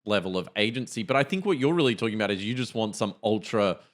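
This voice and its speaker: A man with a fairly low voice co-hosts a casual tech podcast. He talks skeptically and hesitantly, stopping to restart his thoughts as he goes. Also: lively intonation, quick pace. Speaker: podcast co-host.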